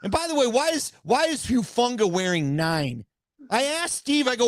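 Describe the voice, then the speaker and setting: A man's voice: very high voice, big pitch swings, normal speed, no echo. A man co-hosting a casual sports talk show, blunt and opinionated in his rants. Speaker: sports podcast co-host.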